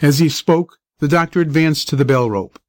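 A man's voice: a little high, a little mellow, no echo. Man narrating a storybook, dry sound. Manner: measured storytelling. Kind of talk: audiobook narration.

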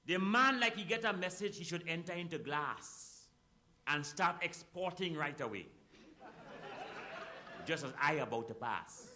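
A Trinidadian man half-sings a rhymed comic tale in a rhythmic, sing-song style. His voice is high and very bright. It leaps all over his range. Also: lively intonation, measured pace, pauses often, slight background noise. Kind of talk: rhymed comic calypso recitation.

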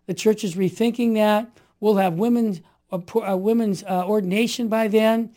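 A man in his sixties telling stories in an interview, emphatic and fervent, building to forceful outbursts. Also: high-pitched, steady tone, normal speed. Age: 60s. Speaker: guest. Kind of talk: impassioned storytelling in conversation.

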